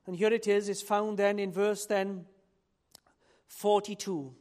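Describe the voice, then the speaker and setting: A man preaching a sermon, swinging from loud exhortation to hushed warning. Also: sits high, flat delivery, unhurried.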